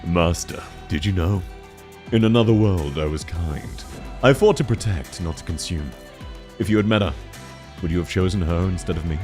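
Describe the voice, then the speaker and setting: A sorrowful demon queen speaking slowly and gravely, put on by a man who drops his voice low. Her lines stay solemn and heavy. Faint music plays softly under the voice. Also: lightly acted. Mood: wistful.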